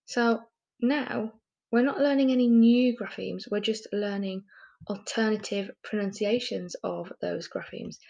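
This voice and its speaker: A woman teaching a recorded phonics lesson to young children, sounding out words patiently and asking gentle teacherly questions. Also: medium pitch, creaky. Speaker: primary school teacher.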